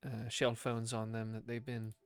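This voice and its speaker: Man doing a reassuring, dutiful ruler, low-key and composed. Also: monotone, moderate pace, faint music behind, natural voice.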